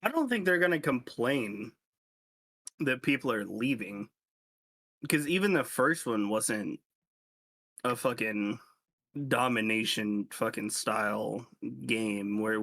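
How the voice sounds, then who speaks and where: A young man co-hosting a casual podcast, blunt and profane and quick to dismiss complaints. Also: on the low side, a bit bright, no room sound. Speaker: podcast co-host.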